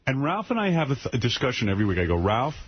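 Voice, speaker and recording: A man hosting a radio talk show, telling an annoyed, profane story and acting out his own yelling, near the end of a cold. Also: mid-range voice, very fast, slightly rough. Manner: animated ranting, profane, mimics himself yelling. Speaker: radio host. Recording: dull broadcast audio with faint noise.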